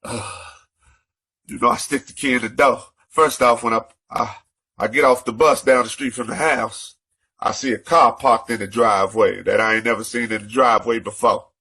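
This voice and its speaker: An out-of-breath man in an angry, profane rant, repeating himself and building to shouting. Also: medium pitch, fairly even intonation, moderate pace, slightly rough. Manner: profane, repetitive, escalating to shouting.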